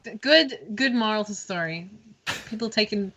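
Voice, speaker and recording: A woman's voice: medium pitch, lively intonation, a bit bright, muffled recording, a little hiss or hum. Young woman teasing her co-hosts. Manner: teasing, quick with jokes and laughs. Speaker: podcast co-host. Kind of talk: casual chat.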